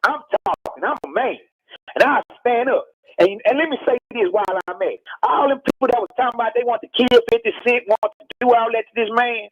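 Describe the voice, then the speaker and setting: A man's voice: extremely high pitch, fairly quick. Emphatic man on a muffled phone line. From Texas. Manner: emphatic, lecturing, repeats his points. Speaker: rapper on a radio call-in. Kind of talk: heated radio phone interview. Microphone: telephone.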